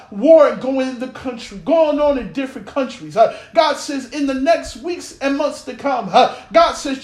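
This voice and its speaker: A man delivering a fervent prophetic sermon, speaking in tongues, peppering his lines with "uh" and "huh," and often breaking into laughter. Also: very high-pitched. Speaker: prophetic preacher. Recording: echoey room.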